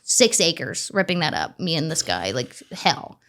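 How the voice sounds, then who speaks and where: A woman in her thirties, a farmer talking as an interview guest in an animated, chatty way, swearing casually and acting out bits of dialogue. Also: low-pitched, measured pace. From Ontario, Canada.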